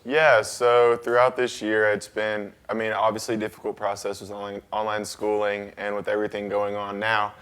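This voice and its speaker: This is a teenage boy, a student being interviewed on a podcast. His voice is low and fairly level in pitch. He answers sincerely and plainly, with small hesitations. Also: completely flat delivery, normal speed, few pauses, fairly bright tone, clean tone. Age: teens. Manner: earnest, plain-spoken, hesitant fillers. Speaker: student guest. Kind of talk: casual interview.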